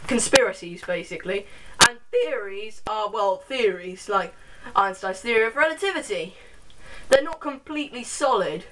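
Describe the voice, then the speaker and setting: A young woman chats to her camera in a giggly, rambling way, often making fun of herself. Her voice sits fairly high. She is recorded from a distance, and clear background noise runs under her speech. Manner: chatty, giggly, rambling with self-mocking asides. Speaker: vlogger. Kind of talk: casual chat to camera.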